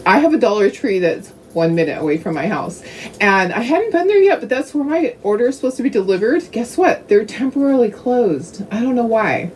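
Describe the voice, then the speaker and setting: A woman's voice: a little high, animated, brisk, darkish tone, distant mic, slight background noise. A middle-aged woman chatting casually and giggling as she hosts a craft livestream from home, cooing at her dogs now and then. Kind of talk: casual live-stream chat.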